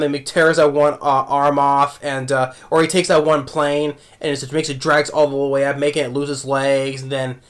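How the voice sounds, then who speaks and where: A man giving a casual, rambling anime review, full of restarts, his voice jumping up when excited and trailing off low at the ends of thoughts.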